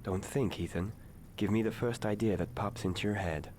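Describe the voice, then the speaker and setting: Calm coaxing man voiced by an actor in a game, low measured tone, faint hiss behind. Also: lightly acted.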